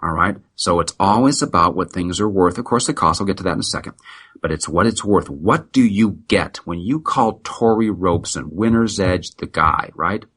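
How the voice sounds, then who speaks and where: A man's voice: deep voice, moderate pace, a bit bright, slightly rough. A middle-aged man from the United States, a practice consultant giving a blunt, emphatic, preachy motivational sales talk as a guest.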